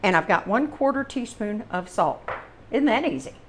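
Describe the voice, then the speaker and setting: This Southern American woman, a home cooking channel host from the Southern United States, speaks in a sing-song, medium-pitched voice at a moderate pace. She gives a casual kitchen cooking demonstration full of folksy, rambling asides. A slight hiss or hum is audible.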